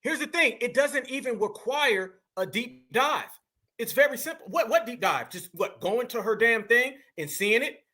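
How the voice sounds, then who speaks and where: A man's voice: very high voice, lively intonation, normal speed, pushed and bright. A man hosting a commentary show, talking emphatically in slangy, preacher-like bursts. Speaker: commentary host. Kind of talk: reaction commentary.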